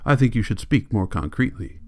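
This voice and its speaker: A man reading an audiobook, voicing a fussy, pedantic man who speaks deliberately and emphatically. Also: lowish voice, animated, mellow.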